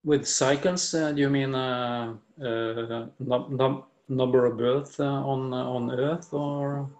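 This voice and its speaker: A man in the class asking a question, stammering and halting. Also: mid-range voice, steady tone, darkish tone.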